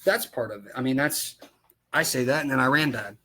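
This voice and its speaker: A race car driver on a podcast, ranting about racetracks in casual, profane talk full of rhetorical questions. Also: male voice, mid-range voice, brisk, sharp tone, husky. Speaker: dirt late model race driver.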